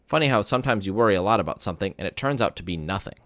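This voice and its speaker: Lively man reading a novel aloud. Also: lowish voice, rapid-fire, no echo. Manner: animated storytelling. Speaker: teacher reading to students. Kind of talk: expressive read-aloud of a novel.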